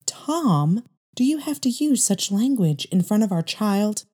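A woman plays a gentle, worn-down mother in a spoken story, soft and pleading, a little higher than the narration. The tone stays warm and mellow. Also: big pitch swings, unhurried, slightly rough.

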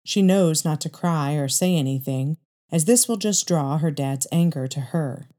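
A woman reads a dramatic story aloud, measured and steady. Her voice is low and dark, with a mellow warmth. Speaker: narrator.

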